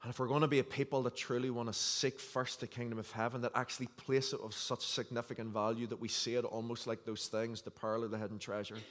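Male pastor, sermon, earnest conversational delivery, mid pitch, long reverb from the church hall. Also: little pitch movement, fast, few pauses, fairly bright tone. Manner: earnest, conversational preaching with scripture reading.

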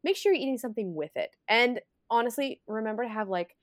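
A young woman talks fast and chatty, rattling through stories and slipping into quick acted-out voices. The recording is close and dry, with no room sound around her. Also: on the high side, dry recording. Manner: chatty, animated storytelling with acted quotes. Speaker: podcast co-host, wedding planner. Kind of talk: casual chat.

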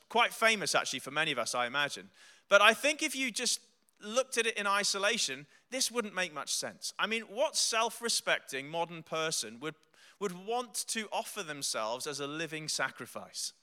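A man's voice: high voice, big pitch swings, moderate pace, pushed and bright, smooth. A man preaching a sermon as pastor, earnest and conversational, telling stories with asides. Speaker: pastor and theologian.

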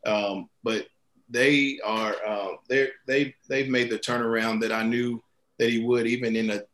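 Flat-voiced coach, halting and earnest. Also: male voice, mid-range voice, slight background noise. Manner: halting, many fillers and restarts, earnest. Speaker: girls basketball head coach, guest. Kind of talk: interview answers.

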